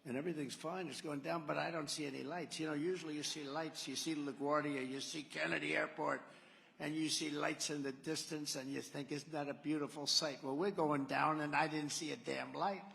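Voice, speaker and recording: A man's voice: fairly high pitch, fairly even intonation, brisk, vocal fry, bright, forceful tone, a little hiss or hum. A man giving a rambling, sarcastic campaign rally speech, telling stories and acting out quotes. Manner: digressive, sarcastic, acts out quotes. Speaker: political candidate at a campaign rally. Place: large rally venue. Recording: echoey hall reverb.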